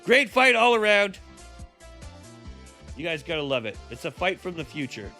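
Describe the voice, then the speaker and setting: Lively bombastic male fight commentator over music. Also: high voice, moderate pace. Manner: bombastic, profane, jokey announcer with sudden shouted calls. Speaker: wrestling match commentator and stream host. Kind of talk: live play-by-play commentary.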